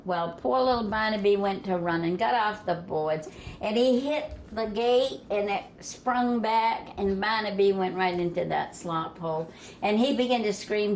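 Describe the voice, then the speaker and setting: A woman's voice: mid-range voice, lively intonation, a little slow, a little hiss or hum. Older Vermont woman telling folksy tales. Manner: folksy, laughs through her own stories. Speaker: storyteller guest. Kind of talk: casual family storytelling.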